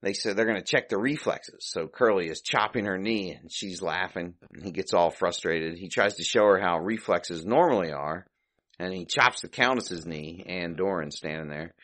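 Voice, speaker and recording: A man's voice: low voice, moderate pace, fairly bright tone. A man hosting a podcast, casually recapping an old comedy short, chuckling and thinking aloud as he goes. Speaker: podcast host.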